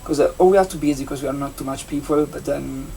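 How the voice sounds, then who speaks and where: A young adult vlogger from Italy with an Italian accent, a native Italian speaker chatting casually in English, rambling and halting with many restarts and fillers. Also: medium pitch, gravelly, dark tone. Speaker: vlogger, seasonal campsite entertainment worker. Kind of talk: casual vlog chat. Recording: distant mic with faint background noise.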